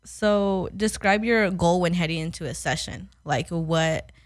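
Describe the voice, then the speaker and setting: A young woman hosting a casual music interview. She asks relaxed, encouraging questions with plenty of "like." Her voice sounds dry and close, with no room echo. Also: on the low side, a little slow.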